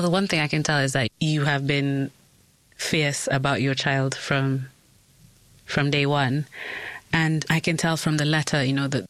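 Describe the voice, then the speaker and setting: A woman hosting an interview, asking gentle questions and reflecting with empathy. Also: very deep voice, dry recording. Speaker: interviewer, host.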